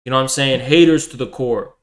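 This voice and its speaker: A man's voice: mid-range voice, quick pace. A man streaming live, ranting in a profane, boisterous and confrontational way. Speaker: livestreamer. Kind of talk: ranting livestream monologue.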